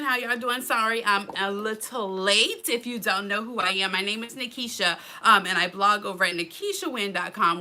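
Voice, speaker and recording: A woman chatting on a live stream. Her voice is very bright and sharp, and she keeps calling out to viewers, saying "girl" and "y'all" in a friendly, casual way. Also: a little high. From Florida. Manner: chatty, greets commenters by name, says "girl" and "y'all". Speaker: blogger hosting a live stream.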